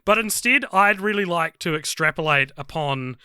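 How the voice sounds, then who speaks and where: A male podcast host with a higher, very sharp and bright voice that cuts through, joking easily with his guests. the sound is dry and close, with no room around it. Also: expressive, clean tone, dry recording. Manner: joking, quick asides. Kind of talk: casual podcast chat.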